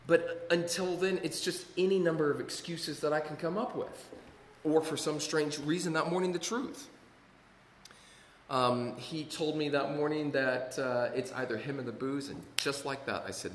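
A man's voice: fairly high pitch, lively intonation, moderate pace, a little hiss or hum. A man giving a personal testimony at a recovery meeting, storytelling in a rambling way with many fillers and wry humor. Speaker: speaker sharing his story at a recovery meeting. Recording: echoey hall with long reverb and faint ambience.

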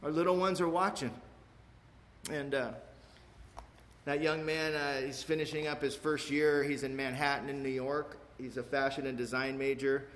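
Bright-voiced man sharing his testimony. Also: mid-range voice, flat delivery, normal speed. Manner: emotional, rambling, repeats "you know what I mean". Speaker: speaker sharing at a recovery meeting. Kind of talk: personal testimony to a live audience. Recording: echoey hall with faint room noise.

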